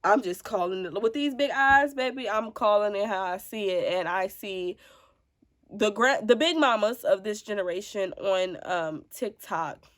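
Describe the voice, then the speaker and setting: A woman's voice: medium pitch, measured pace. Mom vlogger in her twenties, congested voice, frank talk straight to camera. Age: 20s. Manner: frank, sassy, talks straight to viewers. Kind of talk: casual sit-down advice vlog.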